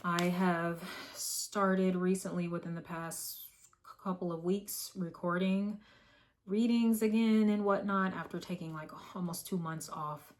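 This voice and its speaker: A hoarse woman doing a casual tarot reading, blunt and profane with a teasing tough-love manner. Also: fairly low pitch, fairly even intonation, measured pace. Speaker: tarot reader.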